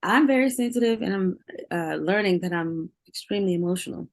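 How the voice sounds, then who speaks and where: A middle-aged woman, a singer appearing as an interview guest, speaks briskly in a medium-pitched voice. She talks candidly and emotionally, often repeating words and laughing.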